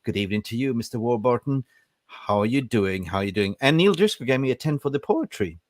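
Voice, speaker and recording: A man's voice: medium pitch, lively intonation, fairly quick, no room sound, studio quality. A man hosting a live fan podcast, reading out and greeting viewers from the chat with energy. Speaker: podcast host.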